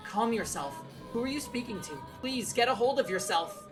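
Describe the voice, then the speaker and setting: A woman voicing a calm, gentle maid, speaking in a soothing, composed way. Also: fairly low pitch, normal speed, natural voice. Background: game music.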